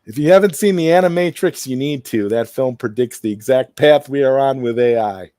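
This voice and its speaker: A man's voice: mid-range voice, fairly quick, dark tone, dry recording, studio quality. A man hosting a casual live stream, rambling through his points with many restarts and greeting viewers in the chat.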